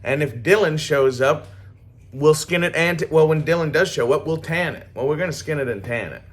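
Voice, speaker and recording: A man's voice: fairly high pitch, brisk. Rambling, profane man in a workshop. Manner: rambling, profane, laid-back. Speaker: hobby swordsmith vlogger. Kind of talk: casual workshop talk.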